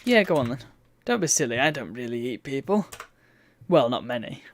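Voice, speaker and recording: A streamer voicing a hungry giant in a low, half-whispered read-aloud. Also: sing-song, normal speed, slight background noise. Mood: teasing. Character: hungry giant who jokes about eating people.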